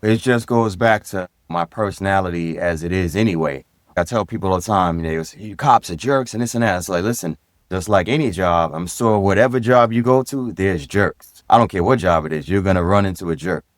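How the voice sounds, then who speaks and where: A middle-aged man from Brooklyn, a former police sergeant guesting on a podcast, telling stories from his career in an easygoing, direct way and getting animated when he acts out conversations. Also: low-pitched, brisk, no room sound, clean studio sound. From Brooklyn, New York. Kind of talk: casual storytelling in a podcast interview.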